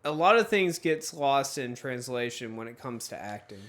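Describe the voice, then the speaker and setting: A man's voice: mid-range voice, sing-song, moderate pace, a bit bright. A man co-hosting a podcast, giving a rambling, opinionated critique in casual chat. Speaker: podcast co-host.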